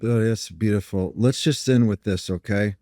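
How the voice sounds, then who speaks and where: A man hosting an interview, his voice low and mellow, asking gentle questions at an unhurried pace. The sound is dry and close. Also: no room sound. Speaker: host.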